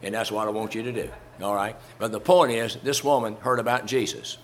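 A man's voice: fairly low pitch, fairly quick, slight background noise. A man preaching a sermon in a folksy, conversational way, chuckling as he talks through a Bible story to his congregation.

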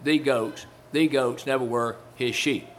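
A man preaching a sermon at a mid-range pitch, hammering home repeated phrases and tossing rhetorical questions at his congregation. He quotes old-style scripture with steady conviction. A faint hiss of noise sits under the recording. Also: unhurried. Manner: quotes King James scripture. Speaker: Baptist preacher.

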